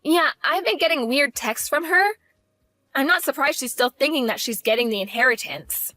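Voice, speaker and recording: A woman's voice: high voice, animated, moderate pace, bright, forceful tone, no echo. A woman voicing a blunt young wife who speaks in a cutting, direct way.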